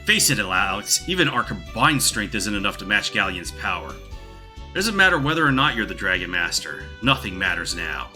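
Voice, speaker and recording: A man's voice: fairly low pitch, sing-song, normal speed, pushed and bright, soft background music, heavily acted. A man doing a brooding, traitorous young mage. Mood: gloomy. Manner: brooding, bitter. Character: young male mage, gloomy and treacherous.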